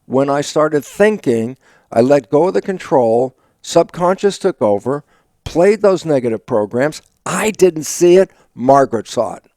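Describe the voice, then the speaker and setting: An older man, a biologist guest in an interview, telling stories with lively acted-out quotes of his own inner dialogue and frequent laughs. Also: a little high, measured pace, no room sound. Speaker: guest, stem cell biologist. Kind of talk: animated storytelling interview talk.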